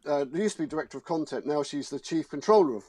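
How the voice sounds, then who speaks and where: A man's voice: fairly high pitch, lively intonation, quick pace, darkish tone, no echo. A man, a showbiz journalist guest, arguing his point emphatically and indignantly in a studio discussion. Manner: emphatic, indignant, repeats words.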